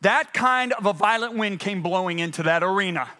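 A man's voice: high voice, fairly quick, pushed and bright. A man preaching a sermon, telling a story with dramatic voiced quotes and sudden bursts of energy. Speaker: guest preacher. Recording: played from a church stream.

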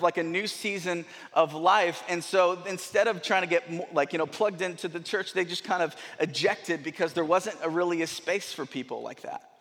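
A young man preaching, telling a rambling, animated story with many restarts. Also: high voice. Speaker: pastor. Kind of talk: sermon storytelling. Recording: long hall reverb.

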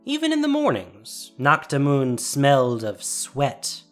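Audiobook narrator: a woman with a low, expressive voice, varied pitch. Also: slow. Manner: expressive storytelling. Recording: faint music behind.

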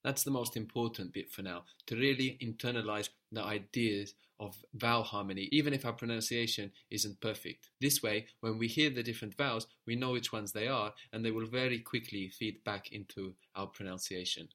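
A man with a lowish, sharp-toned voice teaches a private language lesson, patiently explaining and frequently asking short questions to check understanding.

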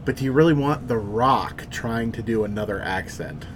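A man's voice: mid-range voice, normal speed, slight background noise. A man co-hosting a pop culture podcast who drops dry, skeptical remarks and steers the topic. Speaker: podcast co-host. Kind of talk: casual pop culture chat.

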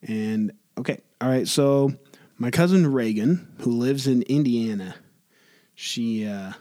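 A man's voice: mid-range voice, slow pace, mellow. A young man hosting a solo podcast, rambling casually with lots of restarts and filler words. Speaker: podcast host.

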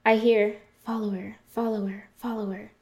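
A woman plays a blunt diner waitress working the late shift, answering questions with bored sarcasm. Her voice sits a little high, and she sounds thoroughly unbothered. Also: brisk, natural voice. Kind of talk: game voice acting.

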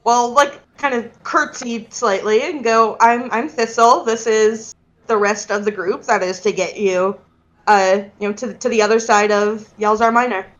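Higher-voiced woman playing a tabletop game. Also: fairly even intonation, measured pace, a bit bright. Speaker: player.

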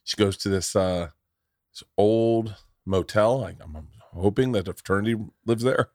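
A middle-aged man hosting a podcast, telling stories in casual chat with a lot of swearing and animated delivery. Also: lowish voice, normal speed, no room sound, studio quality. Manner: profane, animated storyteller. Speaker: podcast host.

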